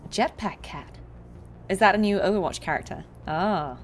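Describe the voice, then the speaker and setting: A woman's voice: medium pitch, moderate pace, a little hiss or hum. A woman voice actor chatting through a game with lots of fillers and rambling asides. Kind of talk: casual let's-play commentary. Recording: game sounds under the voice.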